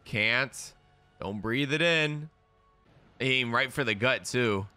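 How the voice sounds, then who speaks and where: A young man streaming a live anime reaction, excitable and slangy, swearing often as he comments. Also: mid-range voice, slow, no echo, faint music behind.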